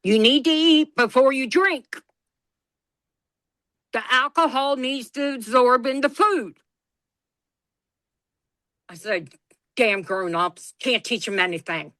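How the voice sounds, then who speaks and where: Woman, casual storytelling, bright voice, dry close sound, acts out voices. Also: high-pitched, slow pace, long pauses, no echo. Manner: animated, acts out quoted voices, swears freely. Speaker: guest storyteller.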